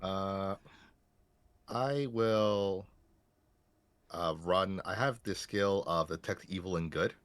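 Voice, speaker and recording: A man playing a tabletop game, quiet and hesitant. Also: deep voice, slow pace, pauses often, clear, resonant tone, no room sound. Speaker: player. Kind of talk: casual chat.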